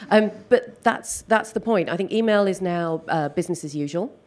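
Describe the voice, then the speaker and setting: Low-voiced woman, slightly hoarse. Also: normal speed, darkish tone. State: losing her voice. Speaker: panel expert. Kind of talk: panel Q&A answer. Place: large hall at a business event.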